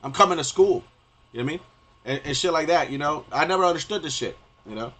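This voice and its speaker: A man's voice: on the high side, racing. Heated, foul-mouthed man ranting on stream. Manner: profane, rambling, repeats "you know what I mean"; grows loud and heated at times. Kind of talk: off-the-cuff rant while live-streaming.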